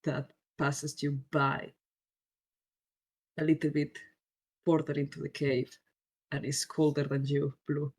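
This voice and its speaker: A woman's voice: low-pitched, flat delivery, takes it slowly, long pauses, a little mellow, breathy edge. A woman narrating as game master in a tabletop game, hesitant and searching for words, often giggling.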